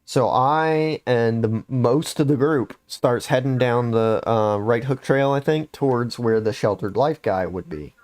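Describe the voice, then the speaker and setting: A man's voice: medium pitch, unhurried, hardly any pauses, darkish tone. A young adult man casually recounting a game story on a podcast, rambling with lots of fillers. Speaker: podcast host.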